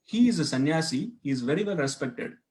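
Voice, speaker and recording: A man's voice: on the high side, expressive, a little fast, a little mellow. A man teaching a devotional scripture class, telling a story and asking his listeners questions as he goes. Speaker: class speaker. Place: temple hall.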